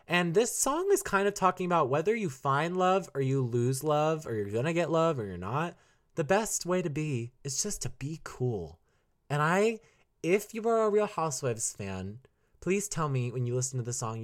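A young man talks through an album review on his own podcast, loose and rambling. He laughs easily and breaks into short sung snippets of lyrics. His voice sits at an ordinary middle pitch for a man. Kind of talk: casual solo podcast review.

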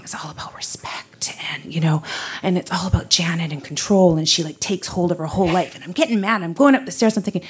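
Breathy woman telling a live story. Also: fairly low pitch. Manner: animated, laughing, drops to whispers for inner thoughts.

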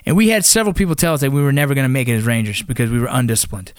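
A man's voice: mid-range voice, big pitch swings, very fast, smooth, no room sound, clean studio sound. A man who is a former Army Ranger, telling a personal story in a casual, blunt way, full of swearing and fillers. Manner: blunt and profane, with many fillers.

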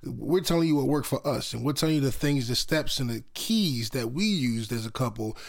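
A man's voice: mid-range voice, lively intonation, brisk, vocal fry. A man co-hosting a couples podcast with his wife, talking casually in a playful, rambling, slangy way. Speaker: podcast co-host. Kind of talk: casual chat.

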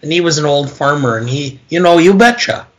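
A man's voice: a little high, quick pace, rough recording. An older man, speaking in a slightly raised voice on a casual film podcast. He rambles through homespun reminiscences in an easygoing way, peppered with "you know.". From Wisconsin. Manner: folksy storyteller, says "you know" often. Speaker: podcast co-host.

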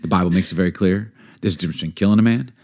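A man's voice: sits low, rapid-fire, a little mellow. A man voicing his stern older father, firm and matter-of-fact.

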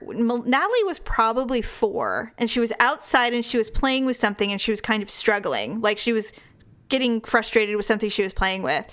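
A woman with a fairly high voice tells a long story in casual chat. She rambles, restarts her sentences and fills the gaps with "like". Her pitch sits above that of most women. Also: fairly bright tone, clear, resonant tone. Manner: rambling storyteller with many fillers and laughs.

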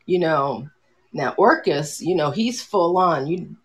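Husky middle-aged woman, rambling chat. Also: low-pitched, expressive, takes it slowly. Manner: rambling, hesitant, many restarts and ums. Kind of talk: casual chat.

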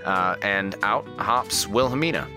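Deep-voiced game master narrating. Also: male voice, unhurried, over music. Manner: rambling narration, many fillers.

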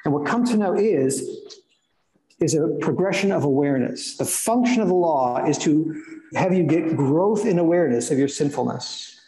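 A middle-aged man delivers a sermon with a pitch that sits well above most men's. He preaches earnestly, throwing out rhetorical questions and repeating key phrases for emphasis. His voice rings with the roomy echo of a hall. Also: lively intonation, moderate pace, dark tone. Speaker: pastor.

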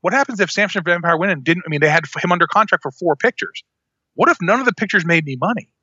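A man co-hosting a podcast in casual chat, talking in a rambling, animated way and often breaking off and restarting. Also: high-pitched, fast talker, husky, no echo, muffled recording. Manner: rambling, animated, self-interrupting. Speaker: podcast co-host.

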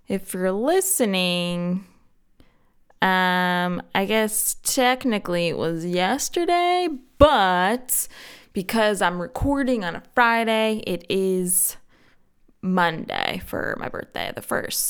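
Woman host, 30s, self-deprecating casual chatter, unhurried delivery, very clear tone. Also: lowish voice, fairly bright tone. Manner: rambling, filler-heavy, self-mocking with frequent laughs. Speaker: podcast host. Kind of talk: casual solo chat.

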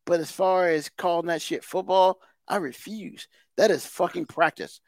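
A man's voice: high voice, steady tone, normal speed, a little mellow, no echo, studio quality. Fired-up, foul-mouthed man ranting. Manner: heated, swears constantly, emphatic repetition. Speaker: podcast co-host. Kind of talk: casual profane rant.

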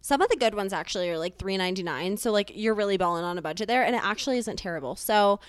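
Brief: young female podcast co-host, chatty and slangy, smooth clear voice, dry close mic. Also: mid-range voice, expressive, fast talker, no echo. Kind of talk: casual chat.

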